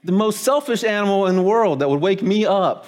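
A man gives a sermon in a church hall, his voice pitched slightly high. He tells stories in a folksy, joking way and keeps asking the congregation questions. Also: lively intonation, fairly quick, a little mellow. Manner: folksy storytelling with jokes and audience questions. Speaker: pastor. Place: church hall with live audience.

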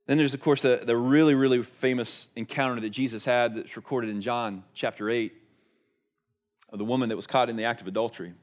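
A male pastor preaching a sermon in a conversational way, asking rhetorical questions and moving between emphatic and hushed delivery. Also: mid-range voice, steady tone, brisk.

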